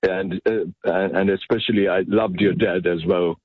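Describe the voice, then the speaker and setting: A man's voice: deep voice, fairly even intonation, breathy edge, dry recording. Hesitant male caller on a tinny phone. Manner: hesitant, halting. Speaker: radio caller.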